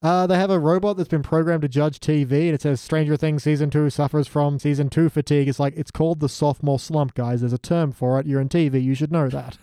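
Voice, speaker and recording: A man's voice: fairly high pitch, fairly even intonation, quick pace, few pauses, dark tone, dry recording, studio quality. A man chatting casually on a podcast, quoting lines in put-on voices. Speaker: podcast co-host.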